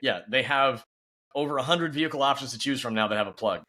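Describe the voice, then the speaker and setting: A man's voice: mid-range voice, fast, pushed and bright. A man speaking as a guest and company founder in a casual podcast interview, upbeat and peppered with "you know".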